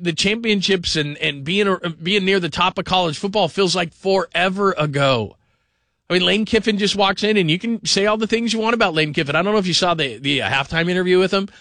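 A man hosting call-in sports radio, rambling and animated, sometimes mimicking people in funny voices. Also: a little high, dry recording, studio quality.

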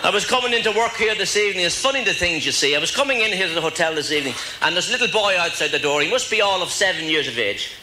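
A man's voice: high voice, lively intonation, rapid-fire, hardly any pauses, pushed and bright, a little hiss or hum. A man with an Irish accent telling long folksy jokes as a stand-up comedian, chuckling along as he goes. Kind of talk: storytelling jokes for a live audience.

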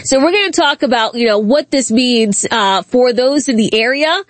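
A woman's voice: fairly high pitch, lively intonation, moderate pace, no room sound. A woman with a nasal voice hosting a talk show, giving casual, sarcastic political commentary and laughing often.

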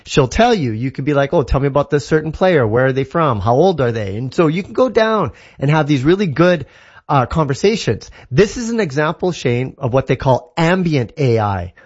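A man's voice: a little high, very animated, moderate pace, a little mellow, husky, muffled recording. A man from Canada explaining tech in a casual, enthusiastic, rambling way, with lots of fillers and restarts. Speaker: tech guest. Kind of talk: casual tech talk segment.

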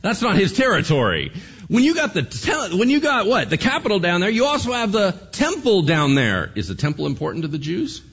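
A man preaching a sermon as a pastor, animated and firing rhetorical questions at the congregation. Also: high voice, fairly quick, breathy edge, dull audio.

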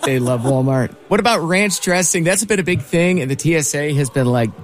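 A man's voice: on the high side, animated, a little fast, noisy background. A man hosting a radio show, chatting casually and laughing often.

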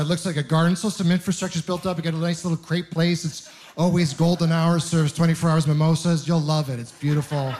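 A young man from Canada doing a stand-up comedy set on a club stage, telling rambling, self-deprecating stories with animated asides. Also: fairly high pitch.

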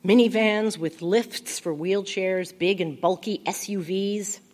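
A woman narrating a first-person audiobook in a quiet, intimate, reflective way. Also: medium pitch, slow.

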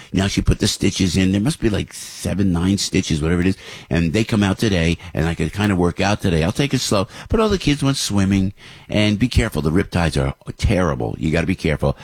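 A man's voice: low voice, breathy edge, dry recording. A middle-aged man, hosting a morning radio show and telling stories in a rambling, chatty way with many restarts. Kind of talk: casual morning show storytelling.

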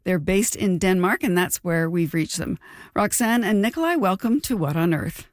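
A woman's voice: fairly low pitch, expressive, normal speed, no room sound. Woman hosting an interview, dry close sound. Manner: crisp, scripted-sounding introductions. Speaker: podcast host.

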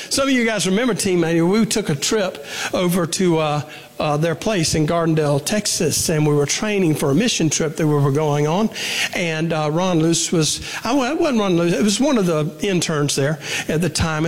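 High-voiced man preaching in a hall. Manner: conversational, asks the congregation questions, repeats phrases for emphasis. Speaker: pastor. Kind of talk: sermon. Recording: long reverb of a hall.

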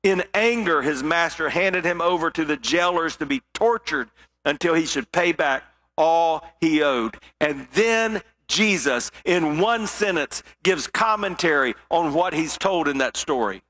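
A man preaching a sermon, telling a parable with drama and dropping to a hush for serious points. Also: a little high, unhurried. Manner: dramatic storytelling, drops to a hushed voice for weight.

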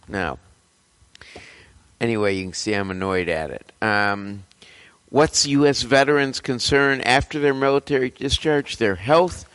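An older man, a physician hosting a show, giving casual health news commentary in a rambling, opinionated way with many halting pauses. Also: medium pitch, fairly bright tone, clear, resonant tone, big-room sound. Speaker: physician host.

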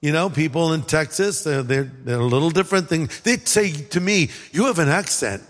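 A man's voice: on the high side, animated, moderate pace, long reverb tail. A man from California preaching a sermon in a conversational way, acting out quoted lines. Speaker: pastor.

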